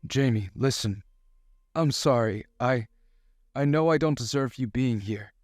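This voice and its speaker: A man's voice: medium pitch, a little slow, a little mellow, no room sound, clean studio sound, lightly acted. A man doing a weak, wry injured man. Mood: weary. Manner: weak, wincing voice.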